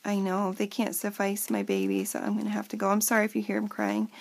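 A woman's voice: medium pitch, monotone, fast talker, vocal fry. A woman in her thirties at home, casually showing off a handmade journal in a chatty way with lots of fillers. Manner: chatty, lots of fillers, talks to kids off camera. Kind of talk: casual show-and-tell.

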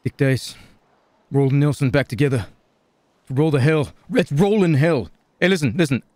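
A man's voice: a little high, moderate pace, a little mellow, no echo, clean studio sound, natural voice. A man playing a stoned, hyper male gambler and self-styled entrepreneur who rambles and repeats catchphrases in a game role-play. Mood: scheming. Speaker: role-player.

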